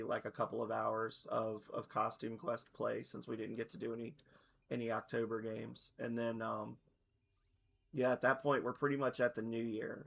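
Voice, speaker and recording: A man in his thirties chatting casually on a stream, rambling and correcting himself, his voice a little hoarse. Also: mid-range voice, a bit bright. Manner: rambling, loose, self-correcting. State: slightly hoarse.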